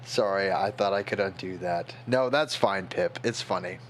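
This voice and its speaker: A man's voice: low-pitched, normal speed, slight background noise. Tipsy rambling male streamer. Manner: rambling, talks to chat moderators. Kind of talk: casual drunk stream chat.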